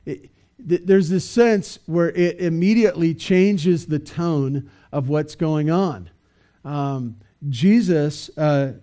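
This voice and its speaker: Halting male preacher, mellow voice. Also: a little high. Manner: conversational, halting with many fillers and restarts. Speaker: pastor. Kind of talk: sermon. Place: church.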